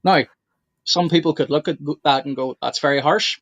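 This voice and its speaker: A man's voice: a little high, moderate pace, fairly bright tone, dry recording, rough recording. A man co-hosting a casual panel discussion, blunt and opinionated. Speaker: podcast co-host.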